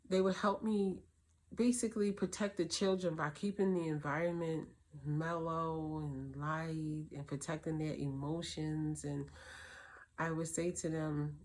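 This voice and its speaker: A middle-aged woman with a fairly low voice talks casually about raising her girls alone. She is animated and keeps jumping into little voices for her kids and for herself. It sounds like a relaxed, heartfelt advice chat. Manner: animated storyteller, acts out her kids' and her own voices. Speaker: host.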